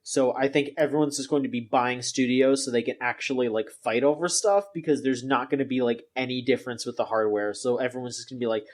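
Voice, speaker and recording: A man speaks casually on a gaming podcast in a voice of middle pitch. He talks in a loose, blunt way and keeps using filler words. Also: steady tone, fast, few pauses. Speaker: podcast co-host. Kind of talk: casual chat.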